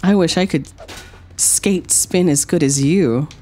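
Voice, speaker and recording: A woman streamer commenting on her game and talking to her chat, sarcastic and playful, swinging from drowsy mumbling to excited shrieks. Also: low voice, slow pace, slight background noise.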